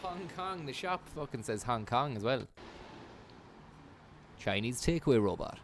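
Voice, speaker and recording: A man rambling through live stream commentary in a voice of ordinary pitch, swearing freely and sliding into mock-announcer riffs. A faint hum of noise sits behind him. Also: sing-song, a little slow, vocal fry.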